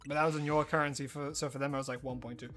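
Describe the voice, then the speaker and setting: A streamer with an Australian accent, chatting casually and rambling while playing, breaking into excited disbelief. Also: mid-range voice, rapid-fire, soft background music. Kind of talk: casual live-stream chat while gaming.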